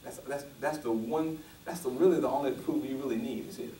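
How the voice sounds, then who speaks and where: A man's voice: mid-range voice, brisk, warm tone, roomy sound, recorded from a distance, a little hiss or hum, poor audio. A male pastor preaching a sermon, restarting often and building to emphatic, rising peaks.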